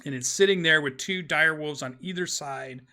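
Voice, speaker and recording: A man's voice: on the high side, moderate pace, pushed and bright. A man narrating a tabletop game as game master, rambling and hesitant with many fillers. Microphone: streaming microphone.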